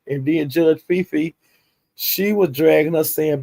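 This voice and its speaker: A man hosting a livestream spills gossip in a drawling, profane, animated way. His slightly high voice has a gravelly fry, and the sound is close and dry. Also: very slow, pauses often, no echo. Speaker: livestream host. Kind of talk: casual gossip commentary.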